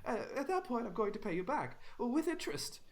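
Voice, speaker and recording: Casting: man voicing a jittery barkeep, high stammering voice, cringing. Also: very animated, a little fast, heavily acted. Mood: nervous. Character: panicky stammering male barkeep.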